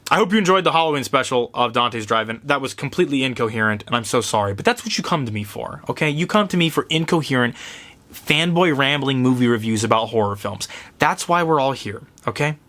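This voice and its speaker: A young man hosting a show, giving a profane, rambling, excitable fanboy review of horror movies. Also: mid-range voice, fast. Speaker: host.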